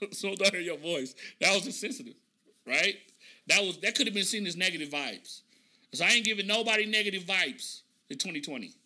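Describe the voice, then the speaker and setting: A man with a high, very bright voice talks through his thoughts on a podcast. He reacts to an interview clip in a loose, slangy, reflective way, circling back to his points as he goes. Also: lively intonation, brisk. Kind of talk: casual reaction commentary.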